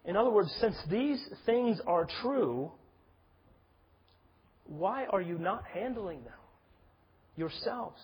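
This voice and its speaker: A man's voice: sits high, lively intonation, slow pace, pauses often, a little mellow, husky, poor audio. A man preaching an expository sermon, earnest and building to emphatic stress. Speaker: pastor.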